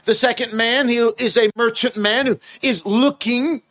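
A man's voice: very high voice, steady tone, a little slow, a bit bright, no echo. A man preaching a sermon in an earnest, emphatic way, asking his listeners rhetorical questions.

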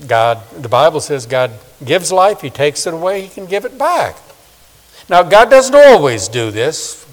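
A man's voice: a little high, big pitch swings, measured pace. Older male preacher, hall reverb. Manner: dramatic shifts between loud emphasis and hushed, soft-spoken asides. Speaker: pastor. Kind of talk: sermon. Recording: long reverb of a large hall.

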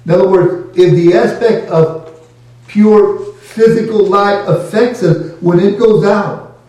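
A man's voice: sits high, slow pace, warm tone. A man preaching a sermon, emphatic and questioning, repeating key phrases to his congregation. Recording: very echoey room, voice from a distant mic.

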